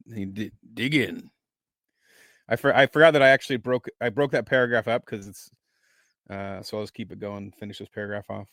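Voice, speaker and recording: A man's voice: lowish voice, fairly bright tone, dry recording, studio quality. A man co-hosting a podcast, casually discussing a book and thinking aloud as he goes. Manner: thinks aloud, restarts phrases. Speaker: podcast co-host.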